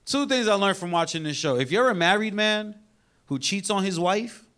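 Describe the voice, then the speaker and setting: A man in his thirties from New York, with a New York accent, doing an animated stand-up set and acting out the people he quotes. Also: sits high, normal speed, clean tone. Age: 30s. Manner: animated, acts out quoted characters in loud bursts. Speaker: stand-up comedian. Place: comedy show with live audience. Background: audience laughter.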